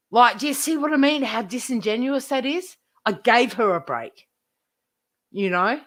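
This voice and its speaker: A woman's voice: fairly high pitch, a little slow, fairly bright tone. Indignant swearing woman streamer. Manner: indignant, swears heavily, repeats herself. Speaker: live streamer. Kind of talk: profane ranting to stream chat.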